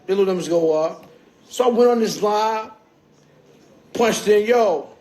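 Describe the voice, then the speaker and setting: On a phone-recorded livestream, the host speaks in a high, slightly mellow voice at an ordinary pace. His talk is relaxed street slang, often capped with "you heard?"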